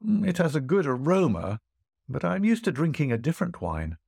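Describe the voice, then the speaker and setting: A man's voice: a little high, big pitch swings, brisk, creaky, a little mellow, husky, dry recording, studio quality, pitched above the performer's own voice, exaggerated voice. A man playing a polite, hungry poor guest. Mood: courteous. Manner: deferential, courteous replies. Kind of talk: storytelling voice acting.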